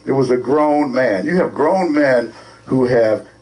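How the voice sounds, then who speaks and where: A male co-host from ranting in an animated, scolding, sarcastic way on a talk show. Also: mid-range voice, measured pace, low-quality recording. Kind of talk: opinionated talk-show rant.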